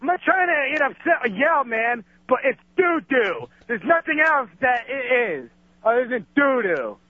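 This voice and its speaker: A man's voice: extremely high pitch, very animated, normal speed, no room sound. Agitated ranting man on a tinny phone line. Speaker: caller on the radio show. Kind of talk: casual phone-in.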